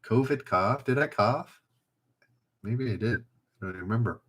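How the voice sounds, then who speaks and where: A trivia livestream host reading questions aloud and calling out players, chatty and quick to joke about himself in casual quiz hosting. His voice is medium in pitch, a little slow, a bit bright, with a breathy edge.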